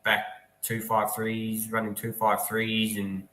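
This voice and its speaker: A man from New Zealand talks through his racing in a relaxed, casual way, dotting his sentences with ums. His voice is bright and forward. He sounds like he is in a roomy, echoing space. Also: lowish voice, slow. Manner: easygoing, technical, many ums. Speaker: guest racing driver. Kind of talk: casual interview. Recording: echoey room.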